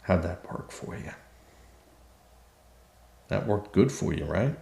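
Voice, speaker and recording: A man with a lowish voice delivers an unhurried opinion monologue, indignant and sarcastic, stumbling over fillers and restarts. He speaks slowly, and the recording carries a roomy echo. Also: lively intonation, vocal fry, mellow. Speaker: political commentary host.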